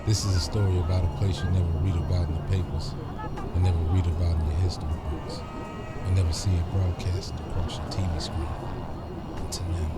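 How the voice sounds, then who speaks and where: A low-voiced man narrates a documentary in a steady, solemn manner. His pitch barely moves, and loud music plays under him throughout. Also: fairly quick.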